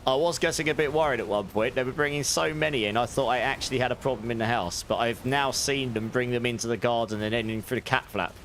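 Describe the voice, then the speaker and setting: A young man chats away easily while he plays a game on stream, his voice mid-pitched and slightly sore from talking too much. There is a faint hiss of noise behind him. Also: fast, few pauses. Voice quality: chatty, friendly, thanks viewers warmly. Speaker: livestreamer playing a game. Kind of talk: casual gameplay chat with viewers.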